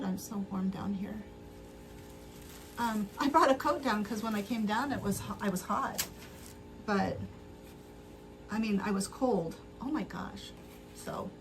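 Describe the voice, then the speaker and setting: A woman's voice: fairly high pitch, recorded from a distance, background noise. A woman hosting a casual livestream as she sews, chatting with viewers, answering their comments and drifting off topic as she rambles. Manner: rambling, loses her thread. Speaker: livestream host. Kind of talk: casual livestream chat while sewing.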